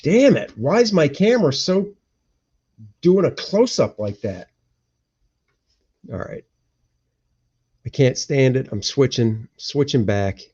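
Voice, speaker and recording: Grumbling and muttering to himself, a slow-talking cartoonist rambles and thinks aloud while hosting a casual live stream indoors at home. His medium-pitched voice is animated, husky and darkish, and the stream sound is dull lo-fi.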